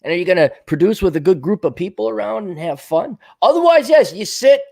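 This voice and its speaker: A man's voice: high voice, expressive, brisk, creaky, darkish tone. A man hosting his podcast alone, rambling and musing aloud in a sardonic way, slipping into little voices for his own thoughts. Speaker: podcast host. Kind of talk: rambling solo monologue.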